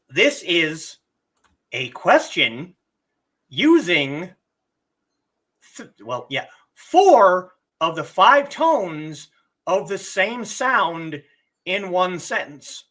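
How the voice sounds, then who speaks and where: A livestream host giving a casual lesson, speaking slowly and deliberately and often clearing their throat, a bit hoarse from a cough. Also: medium pitch, sing-song, fairly bright tone.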